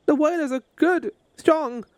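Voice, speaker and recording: A man's voice: very high-pitched, measured pace, dry recording, pitched above the performer's own voice. A man reading out the lines of a desperate, self-pitying male traitor soldier from a game, in an earnest, pleading way. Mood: confessing. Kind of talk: reading game dialogue aloud.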